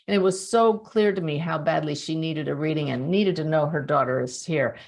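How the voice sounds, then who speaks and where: A woman with a slightly low voice talks to her webinar audience as a medium. She tells her stories in a chatty, animated way and laughs often. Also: brisk. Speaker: spiritual medium and webinar host. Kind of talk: monthly webinar talk, storytelling.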